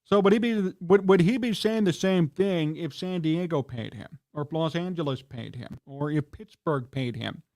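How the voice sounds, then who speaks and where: A man's voice: a little high, moderate pace, hardly any pauses, darkish tone. A man hosting a live sports talk show, ranting in a heated, indignant and scolding way. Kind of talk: livestream sports rant.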